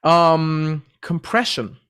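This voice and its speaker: A man teaching a relaxed vocal lesson, explaining voice registers and demonstrating the sounds himself. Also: fairly high pitch, very slow, smooth. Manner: relaxed, explains terms patiently, breaks into vocal demos. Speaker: vocal coach.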